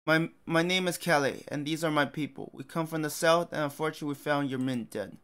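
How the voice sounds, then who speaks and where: A man's voice: on the high side, a little fast, fairly bright tone, clean tone, close to an everyday voice. A man voicing an earnest, polite young male elf leader. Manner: earnest, apologetic.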